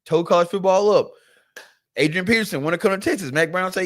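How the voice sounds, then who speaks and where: A man's voice: sits high, quick pace. Man with a loose, stammering storyteller style. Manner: animated storyteller, acts out quoted voices, repeats words. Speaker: podcast co-host. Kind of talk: casual sports talk.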